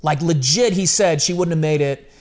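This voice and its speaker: A man's voice: fairly high pitch, moderate pace, a little mellow. A man talking as an interview guest, telling personal stories in an emphatic, casual, slang-heavy way. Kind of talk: candid personal storytelling.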